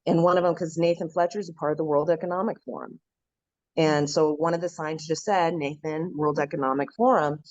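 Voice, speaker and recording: A woman guest telling her story in a casual conversation, animated and full of "like" fillers. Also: sits low, fairly quick, no room sound. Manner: animated, acts out quoted dialogue, many "like" fillers. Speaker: podcast guest, local activist. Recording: dull lo-fi dry audio.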